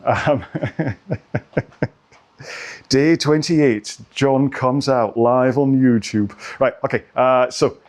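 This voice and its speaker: A man in middle age coaches rowing stretches from his home studio. His voice sits at an ordinary pitch, and he wanders into chatty tangents and giggles between cues. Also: extremely slow, pauses often, darkish tone. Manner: chatty, rambling, giggly asides. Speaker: rowing workout instructor. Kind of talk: casual follow-along coaching.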